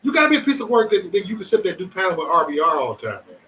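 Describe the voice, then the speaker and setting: Lively, bright-voiced man ranting on a livestream. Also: high-pitched, very fast, distant mic, poor audio. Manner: profane, rambling banter, jokingly threatening. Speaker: livestream host. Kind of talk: casual livestream chat with viewers.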